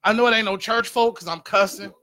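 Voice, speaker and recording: A man with a very high voice co-hosts a comedic podcast. He throws out profane jokes and teasing roasts in loose, casual banter. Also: fast, pushed and bright. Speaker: podcast co-host.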